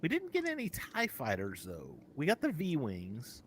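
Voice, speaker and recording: A man co-hosting a casual live show, talking in an animated, rambling way and often correcting himself mid-sentence. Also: a little high, a little slow, background noise. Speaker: podcast co-host.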